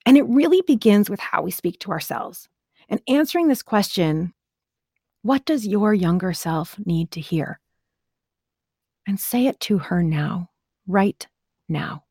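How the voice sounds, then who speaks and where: A woman's voice: medium pitch, lively intonation, a little slow, long pauses, warm tone, slightly rough, dry recording. Woman motivational speaker, earnest and chatty, lots of fillers, dry close recording. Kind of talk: casual storytelling to camera.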